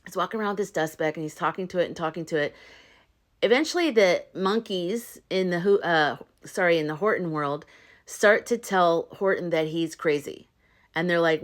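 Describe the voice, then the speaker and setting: A woman's voice: on the low side, normal speed. Chatty woman earnestly telling a story. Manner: chatty, loose storytelling with fillers and restarts; earnest, urging. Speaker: spiritual vlogger. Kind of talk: casual retelling and pep talk to viewers.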